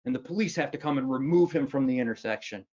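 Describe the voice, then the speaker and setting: A man voicing a deep-voiced, gloomy middle-aged father who gives slow, deadpan warnings. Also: muffled recording, lightly acted. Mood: grave deadpan.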